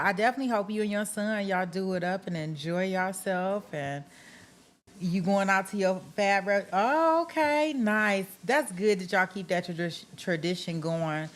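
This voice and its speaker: A middle-aged woman hosting a livestream, chatting casually with her viewers, reading out and answering their comments by name and often breaking into laughter. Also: fairly low pitch. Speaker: livestream host. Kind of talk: casual chat with live viewers.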